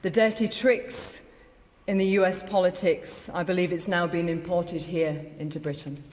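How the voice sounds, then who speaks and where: At a lectern in an election count hall, a middle-aged woman newly elected as mayor gives an emphatic victory speech full of rallying declarations. Her voice is fairly low, steady, and darkish, at a moderate pace. The large hall adds a long reverb.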